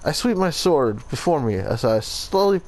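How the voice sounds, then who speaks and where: A man's voice: on the high side, sing-song, normal speed, a little mellow. A man voicing a grim Italian swordsman in a clumsy mock Italian accent that slides toward Russian, reading in a melodramatic, over-the-top way. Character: grim Italian swordsman recounting a trap-filled tomb.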